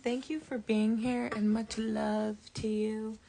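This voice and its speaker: A woman tarot reader chatting casually on a live stream, rambling and thinking aloud with soft whispered asides. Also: a little high, little pitch movement, slow pace, vocal fry, a little hiss or hum. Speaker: tarot reader and jewelry maker.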